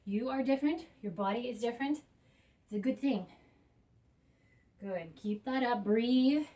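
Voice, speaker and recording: A woman's voice: on the high side, unhurried, warm tone. A woman in her thirties leading a workout while doing it, counting down reps and cheering between breaths. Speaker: fitness instructor. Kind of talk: coaching a workout while exercising. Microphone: camera on a tripod at a distance. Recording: voice from a distance.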